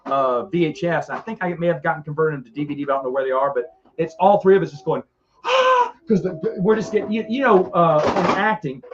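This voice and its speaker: A middle-aged man with a fairly high voice tells rambling stories with lively energy, often restarting his sentences. The sound is dull and lo-fi, like a modest podcast setup. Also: fast talker. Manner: rambling, animated, frequent restarts. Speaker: podcast co-host. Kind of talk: casual storytelling chat.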